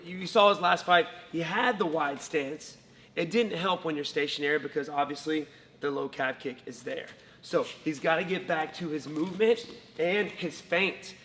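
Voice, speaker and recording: A man co-hosting a casual fight breakdown, energetic and playful, speaking like a coach. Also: a little high. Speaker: co-host. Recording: long reverb.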